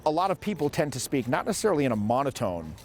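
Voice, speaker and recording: A man's voice: mid-range voice, big pitch swings, rapid-fire, slight background noise. A man in his forties, a social skills coach, giving an emphatic instructional monologue and demonstrating vocal tones as he speaks.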